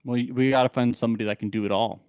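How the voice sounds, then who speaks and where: A man co-hosts a casual recap podcast, offering firm opinions and quick asides. His voice is at a middle pitch, recorded dry and close to the mic. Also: fairly even intonation, smooth, no room sound, lo-fi sound. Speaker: podcast co-host.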